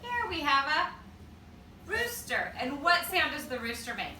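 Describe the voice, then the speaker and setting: A woman teacher leading circle time for toddlers, talking slowly and encouragingly in a sing-song way. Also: high-pitched, sing-song, bright, forceful tone, echoey room, recorded from a distance, slight background noise. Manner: sing-song, slow and encouraging with small children. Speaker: preschool teacher.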